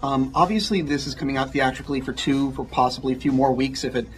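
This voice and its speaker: A man's voice: mid-range voice, fairly even intonation, quick pace, low-quality recording. Casual male interviewer. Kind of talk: interview questions.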